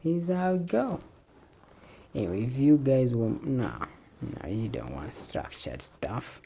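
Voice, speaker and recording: A man's voice: mid-range voice, sing-song, measured pace, vocal fry, mellow, slight background noise. A man hosting a solo podcast, rambling off the cuff and swearing casually. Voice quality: swears a lot, laid-back and off-the-cuff. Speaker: podcast host.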